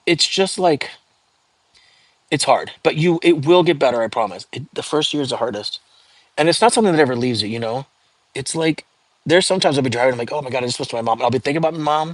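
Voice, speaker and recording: Male livestream host, casual chatter to viewers, mid pitch, dry close sound. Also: no echo. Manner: chatty, frequent fillers, reads out viewer comments.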